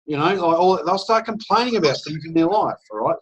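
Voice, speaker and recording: A man giving a persuasive pitch on a video call, slightly higher-voiced than most men. He sounds enthusiastic and chatty, and he slips into short acted-out phone conversations. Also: lively intonation, fairly quick, slight background noise, low-quality recording. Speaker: presenter at an online business opportunity meeting.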